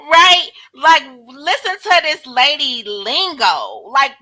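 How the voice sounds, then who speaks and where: A woman hosts a casual commentary stream with a high, bright voice. She is blunt and slangy and addresses her viewers directly. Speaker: host.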